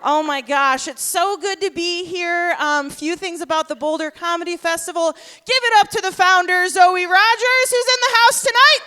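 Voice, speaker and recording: High bright-voiced woman in her 30s hosting a comedy show, super peppy crowd work, roasts herself. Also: moderate pace, hardly any pauses. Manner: high-energy crowd work, self-deprecating. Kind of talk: stand-up comedy. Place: live stage in a theater.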